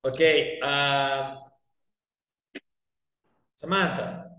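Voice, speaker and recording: A man's voice: medium pitch, steady tone, extremely slow, bright, forceful tone, reverberant, rough recording. A man teaching an English class, calling on students by name and praising them.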